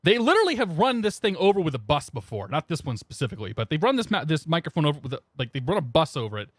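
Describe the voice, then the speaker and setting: A man's voice: fairly high pitch, very animated, rapid-fire, dry recording. A young man streaming a flight sim, rambling casually and greeting his chat by name into a desk microphone. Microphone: new desk microphone.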